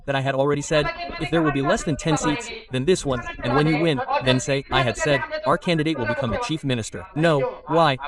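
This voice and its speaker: A man being interviewed about politics in a heated exchange. He argues back hard and challenges the questions. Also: fairly high pitch. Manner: combative, argumentative. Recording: distant mic with crowd noise. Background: crowd.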